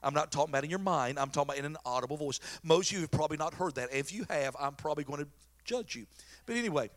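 A man's voice: on the high side, lively intonation, very fast. A middle-aged man, a pastor preaching a sermon in a folksy, joking, storytelling way.

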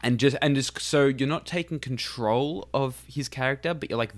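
A man's voice: mid-range voice, normal speed, no room sound. A man who runs tabletop games, chatting casually as a podcast co-host, rambling and giggling through his stories. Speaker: game master, podcast co-host.

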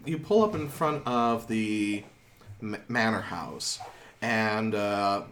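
A man narrating as game master of a tabletop game, describing scenes in an unhurried way with frequent fillers. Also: fairly low pitch, lively intonation, a bit bright, a little hiss or hum.

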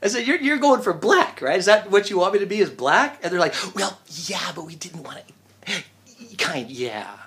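In a casual interview, a Japan-based voice actor talks about his voice work at a moderate pace. He's an animated storyteller with an easy mid-pitched voice, slipping into the voices of whoever he's quoting.

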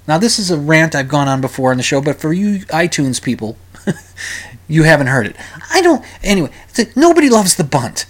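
A man's voice: a little high, big pitch swings, fairly quick. A man hosting a solo podcast, rambling and ranting with frequent restarts, sighs and exasperated groans. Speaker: podcast host.

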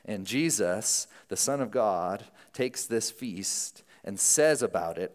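A man preaching a sermon in a casual, animated style, often restarting his sentences. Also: lowish voice, takes it slowly, few pauses, big-room sound. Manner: conversational, animated, self-interrupting. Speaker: pastor. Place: church sanctuary.

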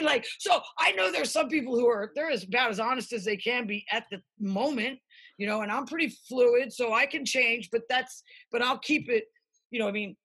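A woman's voice: a little high, slightly rough. A middle-aged woman from the United States, a musician telling stories in a casual interview, rambling and swearing freely. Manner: rambling, profane, animated storytelling.

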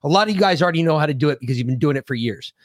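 Brief: male podcast co-host, higher-pitched voice, dry close sound, heated profane rants. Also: animated, very fast, no echo. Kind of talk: casual political podcast chat.

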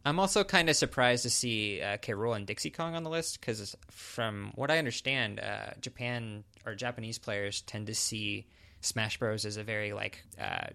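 A man co-hosting a casual podcast, telling stories in a relaxed way and often repeating words. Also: on the low side, normal speed, vocal fry. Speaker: podcast co-host.

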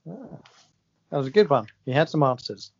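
A man's voice: on the high side, expressive, normal speed, gravelly, husky. A man co-hosting a casual podcast, teasing and cheeky with dry banter. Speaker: podcast co-host. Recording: dull lo-fi recording.

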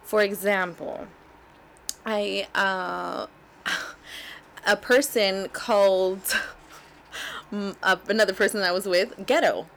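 A woman co-hosting a casual chat, telling animated stories and laughing often. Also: medium pitch, slow pace, creaky, long pauses, a little hiss or hum.

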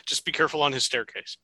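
A man co-hosting a casual podcast, chatty and quick to laugh, often restarting his sentences. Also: on the high side, gravelly, pushed and bright, no echo. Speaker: podcast co-host. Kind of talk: casual chat.

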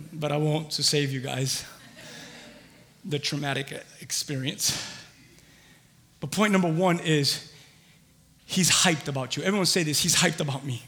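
A man preaching a sermon excitedly, swinging from quiet talk to shouting. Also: on the high side, measured pace, pauses often, long reverb tail. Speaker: pastor.

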